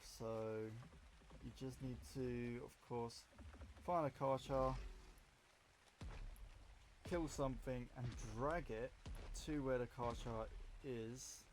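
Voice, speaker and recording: A man's voice: medium pitch, slight background noise. A man giving casual, rambling gameplay commentary, offhand and often correcting himself, with the hiccups. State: has the hiccups. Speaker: gaming YouTuber.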